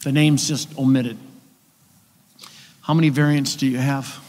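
A man's voice: mid-range voice, flat delivery, measured pace, darkish tone. A man giving a conversational conference lecture, explaining with rhetorical questions and asides. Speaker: conference speaker on biblical texts. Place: church hall. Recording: long hall reverb.

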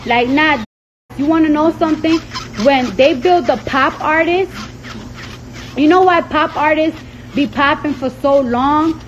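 A woman with a high voice rants to her followers, heated and swearing freely. She repeats words over and over for emphasis. The phone audio sounds a bit dull, with faint noise behind her. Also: a little slow. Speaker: rapper ranting to followers. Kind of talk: profane casual rant.

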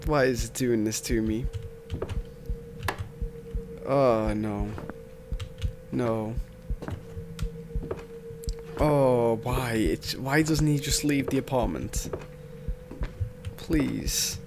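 Guy yelping and cursing through a scary game, slow talker, noisy mic with keyboard clicks. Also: mid-range voice. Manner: jumpy, swears a lot, nervous exclamations. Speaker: gaming youtuber. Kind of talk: horror game let's play commentary. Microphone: headset or desk mic, noise-cancelling headphones.

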